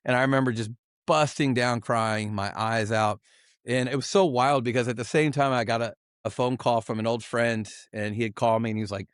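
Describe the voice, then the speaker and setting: A man's voice: mid-range voice, fairly even intonation, fairly quick, clear, resonant tone, no echo, studio quality. A man guest on a podcast giving an emotional, earnest personal testimony, often restarting and repeating himself.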